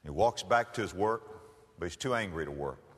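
A man preaching a sermon, telling a story dramatically and swinging between loud and hushed. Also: low voice, animated, brisk, breathy edge, long reverb tail.

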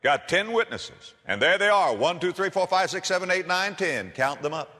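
A man's voice: sits high, lively intonation, normal speed, bright, forceful tone. A man preaching a sermon in a folksy storytelling manner, with humor, addressing listeners as friends. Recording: reverberant hall.

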